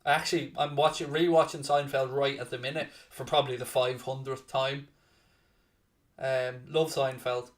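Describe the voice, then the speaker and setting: A man runs a live match watchalong in a relaxed, chatty way and erupts into loud cheering when the play excites him. His voice sits at a middling pitch. It sounds a little distant from the mic. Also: normal speed. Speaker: watchalong host and commentator. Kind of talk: casual live match commentary.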